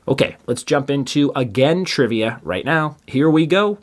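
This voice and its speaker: A man's voice: mid-range voice, lively intonation, normal speed, heavy background noise. A man hosting a trivia podcast, reading each question twice and adding chatty asides between answers. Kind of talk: casual quiz reading.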